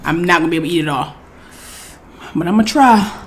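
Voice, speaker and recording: A woman hosting an eating show, chatting casually and excitedly to her viewers, calling them y'all. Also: on the low side, quick pace, slight background noise. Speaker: mukbang host.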